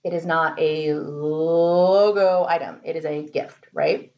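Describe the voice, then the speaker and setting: A woman's voice: sits low, steady tone, takes it slowly, dull audio. A woman marketing consultant talking casually in a vlog from her home office, chatty, laughing often and repeating words for emphasis.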